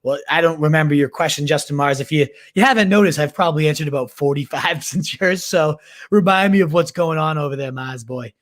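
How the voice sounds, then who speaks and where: Male livestream host, slightly higher voice, hyped and slangy, thinks aloud with restarts. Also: brisk, a bit bright. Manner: hyped, slangy, calls viewers "baby" and "my dude"; restarts and repeats words while thinking aloud. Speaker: fantasy football livestream host. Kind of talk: casual live Q&A chat.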